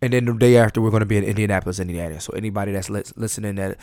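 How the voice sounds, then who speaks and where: A man hosting a casual solo podcast from home, high on weed, loose and rambling, laughing and cursing as he talks. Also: level tone, racing, a little mellow, no room sound, clean studio sound. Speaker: podcast host.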